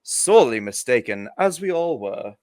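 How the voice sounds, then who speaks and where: A man voicing a stern, proud older wizard father, in a measured, formal way, in an amateur read-through of a fan script. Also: medium pitch, sing-song, darkish tone, dry recording, lightly acted. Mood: grave.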